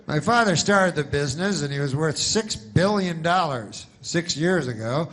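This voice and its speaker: A man voicing a pushy, over-eager insurance pitchman who sells to very old people, in a stand-up bit. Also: lively intonation, normal speed. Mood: salesy. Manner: loud, over-eager sales patter.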